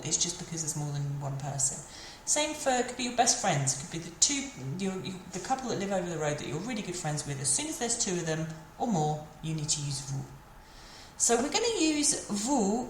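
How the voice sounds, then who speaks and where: Woman, mid-pitched teacher, patient and repetitive explainer, roomy recording with light background ambience. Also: a little hiss or hum. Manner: patient, repeats and models French phrases. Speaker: French teacher. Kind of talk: explanatory language lesson. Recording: echoey room, faint ambience.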